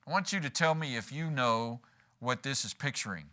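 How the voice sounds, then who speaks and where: A man's voice: medium pitch, lively intonation, moderate pace, pushed and bright. A man preaching a sermon in a church, folksy and joking, acting out quoted lines as he goes. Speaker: pastor. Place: church sanctuary.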